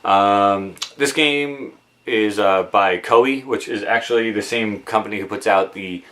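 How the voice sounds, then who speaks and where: A man with a somewhat low voice chats casually at home in his game room, speaking into a camera mic. His talk is relaxed and rambling, full of ums, uhs and restarts. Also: unhurried, slight background noise. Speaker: video game collector vlogger. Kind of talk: casual show-and-tell of game purchases.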